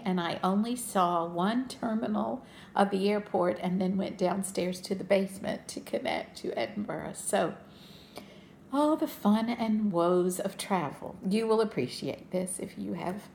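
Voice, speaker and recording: A woman's voice: mid-range voice, creaky, darkish tone, slight background noise. An older woman chatting to her viewers as a cross-stitch vlogger, telling a travel story in a friendly, talkative way.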